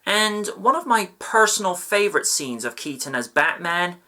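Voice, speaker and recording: A man narrating a scripted film review with measured, admiring commentary. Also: high-pitched, very animated, noisy background.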